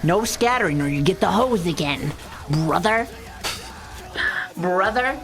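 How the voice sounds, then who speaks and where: A woman's voice: lowish voice, animated, fairly quick, gravelly, over music. A young adult woman chatting casually on a livestream, playful and joking, swearing and greeting viewers. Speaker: streamer.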